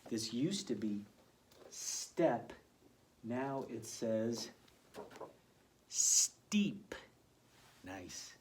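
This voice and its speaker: A male teacher giving an early reading phonics lesson to children, sounding out letters slowly and deliberately in a gentle, encouraging way. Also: fairly low pitch, slight background noise.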